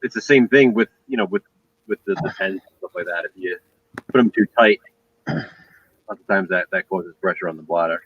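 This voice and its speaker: A man chatting casually on a live show, speaking in a halting, soft-spoken way. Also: deep voice, animated, vocal fry, slightly rough, dull audio. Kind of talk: casual chat.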